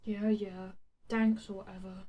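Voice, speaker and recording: A woman voicing a gruff, foul-mouthed young male fighter who snarls sarcastic insults. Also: high voice, level tone, unhurried, warm tone. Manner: snarling, sarcastic, swears constantly.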